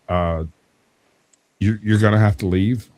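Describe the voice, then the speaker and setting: A man's voice: lowish voice, measured pace. A young man casually telling a long family story, laughing often and acting out the people he quotes. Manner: animated, laughs often, acts out quoted voices. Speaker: debate show guest.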